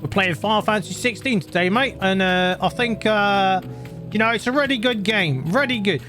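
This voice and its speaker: A man's voice: high voice, moderate pace, sharp tone, faint music behind. Man putting on a chatty stereotypical British bloke. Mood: chummy. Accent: put-on British. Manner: rambling, folksy, pub-talk chatter.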